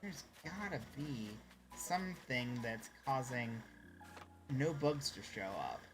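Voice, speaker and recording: A man's voice: medium pitch, very animated, slow, over music. A man chatting casually on a live stream while gaming, rambling and greeting viewers by name.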